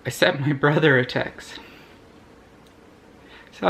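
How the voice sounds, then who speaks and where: A young man vlogger telling a personal story to camera in an earnest, halting way, often restarting his sentences. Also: fairly high pitch, gravelly, fairly bright tone, slight background noise.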